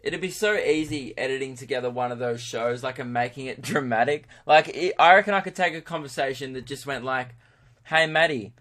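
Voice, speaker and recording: A man's voice: medium pitch, fairly quick, hardly any pauses, fairly bright tone. A young Australian man hosting his own podcast, rambling and crude, poking fun at himself. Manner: rambling, crude, self-mocking. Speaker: podcast host. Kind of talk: casual podcast monologue.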